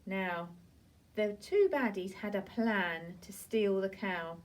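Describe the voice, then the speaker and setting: A woman teacher, gently retelling a story to young children in a drawn-out, sing-song way. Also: medium pitch. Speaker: primary school teacher. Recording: voice from a distance off the mic.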